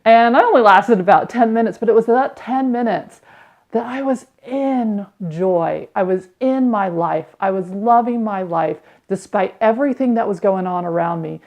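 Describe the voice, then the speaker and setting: A woman's voice: mid-range voice, lo-fi sound. A woman in her thirties, a podcast host, reflectively telling a candid personal story about healing. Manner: candid, reflective, with quick acted quotes.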